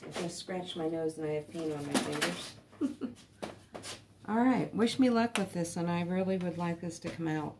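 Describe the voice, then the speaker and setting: A woman with a lowish voice hosts a casual painting tutorial. She talks through each step as she works, chatty and a little self-deprecating. A faint hum sits behind her. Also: normal speed. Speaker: art channel host.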